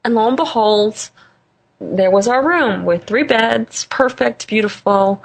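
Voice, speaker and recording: Gravelly-voiced woman telling a story. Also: a little high, unhurried. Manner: animated, laughs often, repeats phrases for emphasis. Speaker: interview guest. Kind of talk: conversational storytelling.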